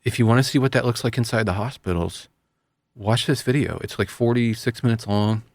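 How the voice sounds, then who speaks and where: A man in middle pitch talks earnestly and a little ramblingly, often poking fun at himself. His voice is close and dry, with no room sound around it. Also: fairly quick, darkish tone, no echo. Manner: earnest, rambling, self-deprecating. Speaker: radio host. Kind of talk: casual chat.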